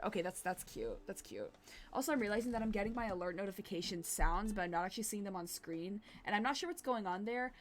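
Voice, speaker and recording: A young woman in her twenties streams a game and chats along in casual commentary. She is giggly and excitable, her voice sitting at a middle pitch. Faint noise hums behind her. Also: fast.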